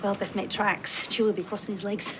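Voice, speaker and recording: A woman's voice: medium pitch, steady tone, a little fast, lightly acted. An actress, playing a chatty, grateful woman who teases and laughs easily. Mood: friendly. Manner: warm, teasing, laughing often. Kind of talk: TV soap acting. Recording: noisy background.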